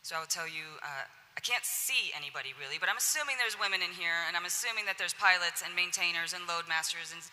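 A woman's voice: fairly low pitch, quick pace, few pauses, sharp tone. A woman speaking frankly and directly on a panel at a symposium, in a conversational tone. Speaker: senior enlisted leader on a panel. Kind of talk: candid panel talk at a symposium. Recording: echoey hall.

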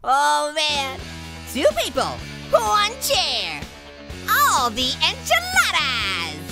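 Annoying Orange, a squeaky giggling fruit. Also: male voice, drawn-out words, heavily acted. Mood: giddy. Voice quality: squeaky, high and nasal with constant giggles. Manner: excitable, jokey, squealing at close calls. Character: hyperactive giggly male talking orange. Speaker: gaming channel host. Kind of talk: cartoon let's-play commentary. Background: game music.

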